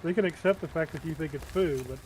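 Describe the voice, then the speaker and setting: A man chatting casually while playing a game with friends, easygoing, mixing short agreements with drawn-out remarks. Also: on the high side, a little mellow, slight background noise, poor audio. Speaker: co-player. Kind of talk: casual gameplay chat.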